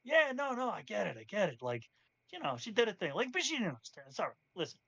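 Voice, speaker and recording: A man's voice: sits high, huge pitch swings, fast talker, creaky, fairly bright tone, no echo, muffled recording. A man narrating as game master for a tabletop game, rambling and casual, swearing freely.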